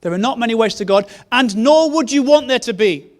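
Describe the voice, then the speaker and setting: A man's voice: very high voice, expressive, brisk. A man preaching a sermon, telling a story in an earnest way and repeating key phrases. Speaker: pastor.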